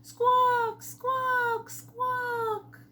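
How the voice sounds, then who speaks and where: A sad, lonely young pheasant , put on by a woman reading a storybook aloud, squawks high and begs for company. The voice jumps far above a normal speaking voice and hangs on each wistful question. The reading is slow. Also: lively intonation, full character voice. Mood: pleading.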